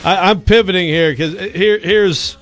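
A man's voice: high-pitched, unhurried, fairly bright tone, soft background music. A man co-hosting sports radio in casual banter, rambling and joking, often cutting himself off mid-sentence. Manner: rambling, self-interrupting, joking.

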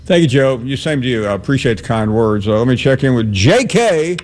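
A man hosting a sports talk radio show, briefly and calmly taking callers. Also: mid-range voice, brisk. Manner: brief, calm call handoffs.

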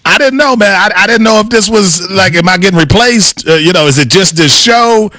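A man's voice: high-pitched, fairly quick, bright, forceful tone, dry recording. A man co-hosting a sports radio show, playful and opinionated in casual talk.

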